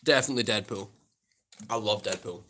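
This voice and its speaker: A man's voice: on the low side, fairly quick, pushed and bright, a little hiss or hum. A Scottish man chatting casually on a livestream, reading viewer comments aloud and answering them. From Scotland.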